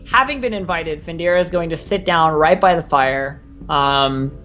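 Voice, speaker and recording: A woman's voice: deep voice, normal speed, fairly bright tone, soft background music. A woman playing a tabletop game, describing her character's actions with hesitant restarts. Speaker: player.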